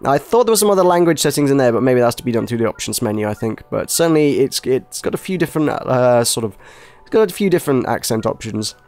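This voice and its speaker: English male game reviewer, mid-pitched, loose hesitant chat, a little self-mocking. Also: very animated, quick pace, darkish tone. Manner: rambling, hesitant, self-deprecating. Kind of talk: casual gameplay commentary.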